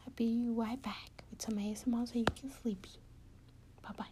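A woman chatting intimately and casually to her partner, giggly and rambling in a soft, often half-whispered voice. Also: a little high, fairly even intonation, normal speed, background noise. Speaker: podcast host talking to her partner. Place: indoors at home.

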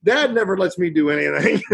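A man's voice: sits high, expressive, moderate pace, creaky, fairly bright tone, slightly rough. A man in his forties, joking and teasing while he tells a story in casual chat. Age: 40s. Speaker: podcast co-host.

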